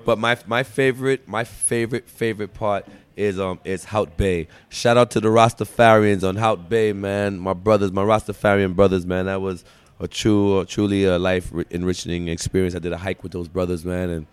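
A man appearing as a guest on a casual podcast, speaking in an animated, teasing way and laughing easily. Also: sits low, normal speed, few pauses, clear, resonant tone, dry recording.

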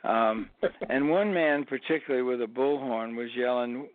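Speaking at normal speed in a medium pitch, a retired college tennis coach, an older man, guests on an interview and tells stories, performing the quotes as he goes. There's no room sound; the line is dry and phone-like.

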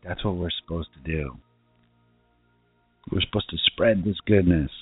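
A man preaching an informal sermon in earnest, asking rhetorical questions and repeating himself, and reading scripture slowly. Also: low voice, husky, dry recording. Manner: slow deliberate scripture reading. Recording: tinny phone-like sound with faint music.

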